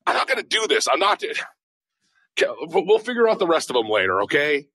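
A man's voice: a little high, sing-song, brisk, bright, forceful tone, slightly rough, dry recording. A man calling in to a podcast, out of breath and suffering from a cold. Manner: breathless counting stairs. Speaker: caller. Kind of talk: casual call-in chat.

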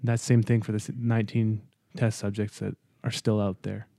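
A man playing a lizard-man test subject in a tabletop role-play, earnest and stammering as he pleads. His voice is low and mellow. It is recorded close and dry. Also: little pitch movement, moderate pace, creaky, no room sound.

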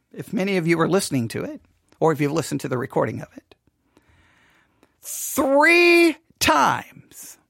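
Devotional host, informal earnest storyteller, mid-pitched, dry home recording. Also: creaky, fairly bright tone, no room sound. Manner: earnest, storytelling, with many restarts. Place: home setup for a live broadcast.

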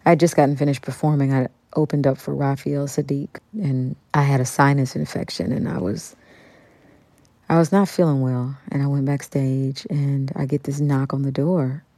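Mellow-voiced woman telling a lively story. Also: rumbling low, normal speed, dry recording. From Kansas City, Kansas. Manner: animated, excited storyteller. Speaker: musician and actor, interview guest. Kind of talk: radio interview storytelling.

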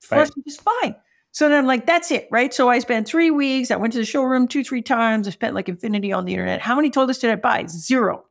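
A woman guest telling a comic, self-mocking story in a casual, animated way, with the odd swear word. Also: fairly high pitch, quick pace, gravelly. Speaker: podcast guest. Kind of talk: comic anecdote in a talk.

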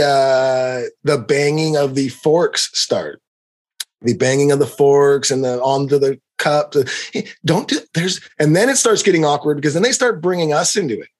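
A middle-aged man hosting a podcast, ranting in an animated, profane, heated way. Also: a little high. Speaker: podcast host. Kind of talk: comedic rant.

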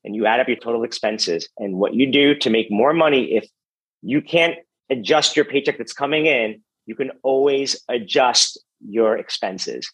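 Husky man coaching on budgets. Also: mid-range voice, normal speed, poor audio. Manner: animated, instructive, asks direct questions. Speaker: business coach. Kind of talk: casual podcast interview.

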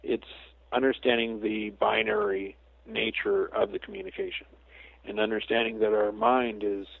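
A man talking as a guest psychic medium in a casual interview, a chatty storyteller who slips into lively quoted asides. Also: on the low side, normal speed, gravelly, breathy edge, dry recording. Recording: tinny phone line, dry.

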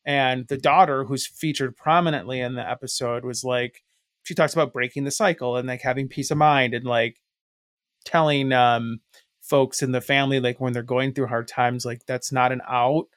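A man's voice: medium pitch, steady tone, moderate pace, a bit bright, no echo, studio quality. A man co-hosting a podcast, chatting loosely and telling rambling stories full of filler words. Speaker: podcast co-host. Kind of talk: casual chat.

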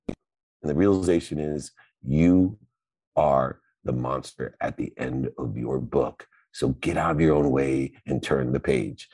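Deep-voiced emphatic motivational speaker man. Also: warm tone, dry recording. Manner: emphatic, preacherly cadence. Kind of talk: motivational talk. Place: live audio chat room.

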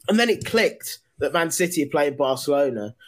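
An English podcast host with a slightly high voice and wide pitch swings tells a funny anecdote at an ordinary pace. Chatting casually, he laughs and curses while quoting what people said.

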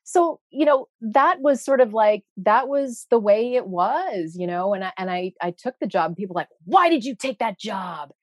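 A woman's voice: medium pitch, normal speed, hardly any pauses, no room sound, clean studio sound. A woman guest, originally from Canada, telling a story in a casual interview and acting out the people she quotes. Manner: animated, acts out quoted voices, many fillers.

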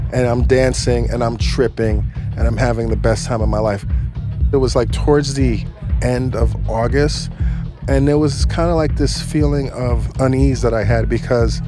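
A man tells a story from his own life in a loose, animated way, mid-pitched and easygoing. He swears freely and slips into the voices of the people he is quoting. Music plays clearly under him. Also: unhurried. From United States. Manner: animated, swears, acts out quotes. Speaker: guest storyteller. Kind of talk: casual personal storytelling.

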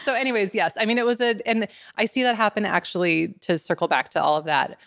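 Creaky and quick, the medium-pitched voice belongs to a woman in her forties, a wellness expert guest swapping stories on a casual podcast. She's an animated storyteller who leans on "like" a lot, captured in studio quality with no room sound.

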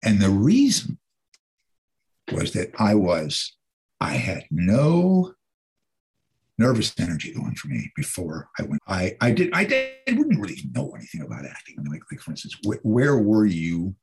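An older man, an actor, telling casual anecdotes about his stage career in an animated way. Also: deep voice, normal speed. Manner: animated anecdotes, mimics the people he quotes. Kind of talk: casual conversational storytelling.

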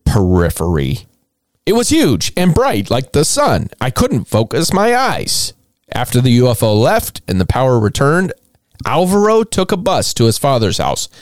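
A man's voice: medium pitch, huge pitch swings, moderate pace, no room sound, clean studio sound. Irreverent swearing male podcast host. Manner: irreverent, mocking, swears often, laughs at own material. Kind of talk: comedic storytelling podcast.

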